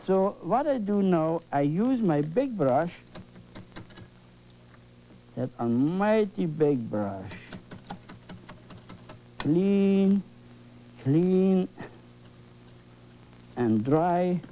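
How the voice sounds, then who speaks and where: A man's voice: high-pitched, expressive, extremely slow, pauses often, a little hiss or hum. A man teaching painting as he works, fervent and coaxing, often repeating his words. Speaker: painting instructor. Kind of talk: live painting demonstration. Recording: dull lo-fi broadcast recording.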